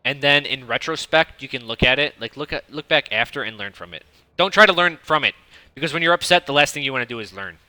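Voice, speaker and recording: Guy in his 30s coaching a viewer, foul-mouthed and rambly, super bright voice, mid pitch. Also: quick pace, dry recording. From United States (Detroit). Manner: profane, rambling, blunt advice; self-described monotone delivery. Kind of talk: casual coaching commentary.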